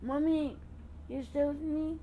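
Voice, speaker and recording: A sweet little boy, put on by a woman, talking slowly and simply to his Mommy. The voice sits high and bright. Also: steady tone, a little hiss or hum. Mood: cheerful.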